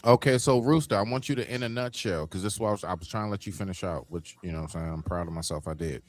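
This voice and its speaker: A man's voice: low voice, fast talker. A man hosting a casual chat, pushing his guests with what-if questions. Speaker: podcast host.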